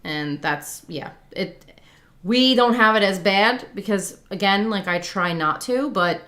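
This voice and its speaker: Bright-voiced South Jersey woman. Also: medium pitch, expressive, a little slow. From South Jersey, USA. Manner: gets loud and fired up when ranting. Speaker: livestream co-host. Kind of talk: casual livestream chat.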